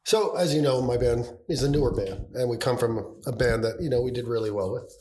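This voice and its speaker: A man co-hosting a podcast in casual chat, rambling and halting as he talks, with a cough that keeps breaking in. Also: mid-range voice, darkish tone. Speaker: podcast co-host.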